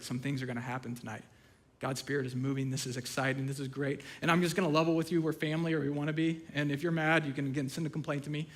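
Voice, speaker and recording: A man's voice: sits high, fairly bright tone. A man preaching a sermon from a church stage, telling funny stories with self-deprecating asides. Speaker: pastor.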